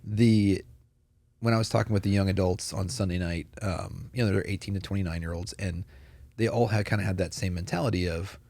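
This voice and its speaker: A man's voice: low voice, steady tone, brisk, creaky, darkish tone, no echo. A man in casual conversation on a church podcast, talking earnestly and telling stories with many fillers.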